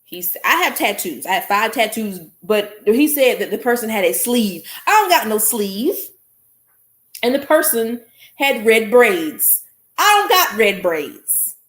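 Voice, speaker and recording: A woman's voice: fairly high pitch, unhurried, reverberant. A woman, telling a story to her listeners in a blunt, casual podcast monologue. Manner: animated, blunt, addresses listeners as y'all. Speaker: podcast host.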